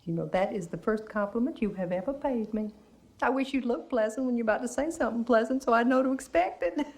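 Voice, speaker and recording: A woman's voice: on the high side, quick pace, natural voice. An actress playing a talkative, genteel middle-aged Southern mother in a film drama, with a Southern US accent and frequent laughs.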